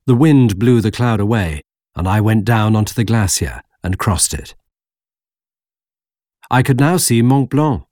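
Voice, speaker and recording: A man reading a story aloud in the first person, with a husky, gravelly voice, in measured, expressive audiobook narration. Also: lowish voice, no echo, clean studio sound.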